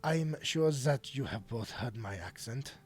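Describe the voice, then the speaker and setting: A player voicing a calm, soft-spoken adventurer who tries to smooth things over in a tabletop game. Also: medium pitch, voice pushed down. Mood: placating. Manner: soft-spoken, measured, placating. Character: calm diplomatic traveling adventurer.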